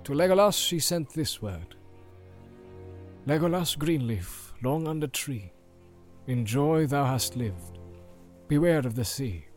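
An ancient male wizard, grave and solemn, as a man reads him aloud. He speaks in a measured way and chants verse like an old prophecy, from a storybook reading. Strong orchestral film music plays beneath him. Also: medium pitch, animated. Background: film score music.

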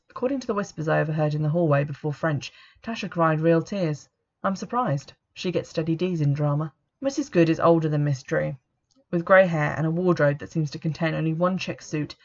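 A woman reading a first-person audiobook in a steady, measured way. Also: sits low. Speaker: audiobook narrator. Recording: dull lo-fi recording.

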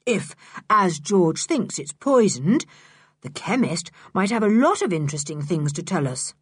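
A woman's voice: lowish voice, a little slow, breathy edge, dry recording, studio quality, heavily acted. A woman doing a cool, mocking eldest boy. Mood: calm. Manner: calm, dryly sarcastic.

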